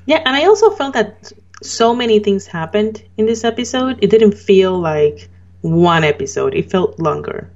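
A woman's voice: mid-range voice, animated, normal speed, a little mellow. A woman chatting about a TV episode with eager enthusiasm. Her voice comes through a slightly dull, lo-fi recording. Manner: enthusiastic, laughs often. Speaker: podcast co-host. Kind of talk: casual TV recap chat.

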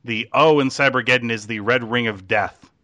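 A man's voice: mid-range voice, normal speed, bright, forceful tone, no echo. A man hosting a podcast, making dry quips and wrapping up the episode in casual chat. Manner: dry quips, chuckles, wraps up the show. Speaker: podcast host.

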